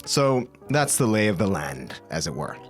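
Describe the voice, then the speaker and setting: A man from Bolivia hosts a relaxed podcast conversation with a somewhat low voice. He keeps things playful and moves the talk along with quick questions, while faint music plays underneath. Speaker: podcast host. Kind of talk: casual chat.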